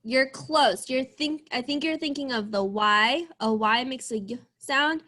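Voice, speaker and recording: Young woman teacher on a video call, kinda high voice, slow and patient with the kids. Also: bright, forceful tone. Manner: slow, encouraging, drawn-out sounds. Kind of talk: online class lesson.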